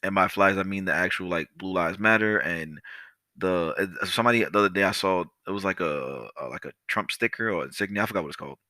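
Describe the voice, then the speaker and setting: A young man hosting a podcast, telling a story in a casual, animated, profane way and talking straight to his listeners. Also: low voice, fast, no room sound. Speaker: podcast host.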